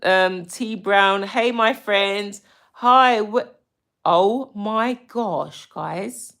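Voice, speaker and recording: British woman, live-stream host, unhurried speech, chatty, gushing, lots of ums. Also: medium pitch. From United Kingdom. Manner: slow, chatty, gushing when excited, many ums. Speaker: livestream host. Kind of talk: casual live-stream chat with viewers.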